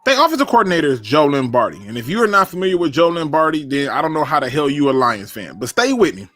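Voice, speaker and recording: A man hosts a casual fan sports show, speaking emphatically and talking straight to his viewers. His pitch sits a little high and moves a lot. The recording is dry and close, with no room sound. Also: big pitch swings, fast, bright, forceful tone, no echo. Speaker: sports podcast host. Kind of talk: casual fan commentary with screen share.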